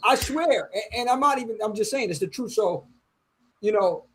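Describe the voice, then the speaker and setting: A man with a high voice hosts a casual chat. He jokes constantly in a hyped, slangy way, full of "yo" and "man.". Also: lively intonation, moderate pace, a little hiss or hum. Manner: jokey, hyped, says "yo" and "man".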